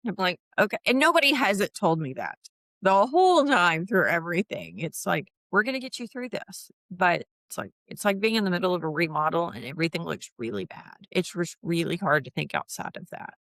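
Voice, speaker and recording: Low gravelly woman in her fifties. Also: fairly quick, no echo. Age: 50s. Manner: animated, acts out quoted voices. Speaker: podcast guest. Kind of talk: candid conversational storytelling.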